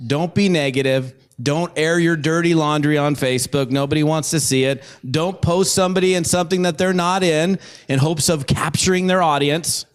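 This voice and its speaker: A man's voice: a little high, steady tone, moderate pace, clean tone. A man speaking on a business panel, earnestly rattling off a punchy list of dos and don'ts. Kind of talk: motivational speech.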